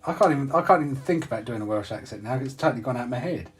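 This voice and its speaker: A man's voice: medium pitch, lively intonation, very fast. A man from the UK hosting a hobby channel, chatting casually with viewers while unboxing parts, self-deprecating and laughing often.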